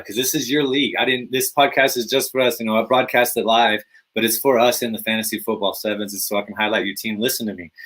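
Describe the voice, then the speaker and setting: A man's voice: on the low side, rough recording. Hyped-up casual man hosting a podcast. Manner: energetic, hype, repetitive "man" and "baby" fillers. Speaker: podcast host. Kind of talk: casual fantasy football podcast monologue.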